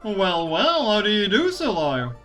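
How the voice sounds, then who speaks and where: A streamer voicing a pompous, gloating male gentleman detective from a visual novel game, reading the dialogue aloud with theatrical, drawn-out greetings. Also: medium pitch, wildly swooping pitch, faint music behind. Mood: smug.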